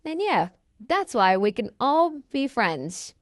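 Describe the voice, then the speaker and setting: A woman's voice: on the high side, sing-song, takes it slowly, no echo, studio quality. A woman telling a fan story in a rambling, profane and ungrammatical way.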